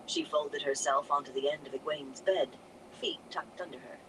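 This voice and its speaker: A narrator reading a fantasy novel aloud in a steady storytelling manner. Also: medium pitch, moderate pace, background noise. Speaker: audiobook narrator.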